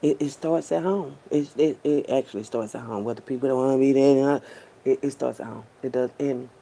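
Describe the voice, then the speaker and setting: A woman's voice: a bass voice, fairly quick, creaky, dark tone, a little hiss or hum. A woman speaking straight to her viewers in a heartfelt, unscripted monologue, repeating herself often and using heavy slang and swearing. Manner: repetitive, slangy and profane, addressing viewers directly. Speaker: vlogger.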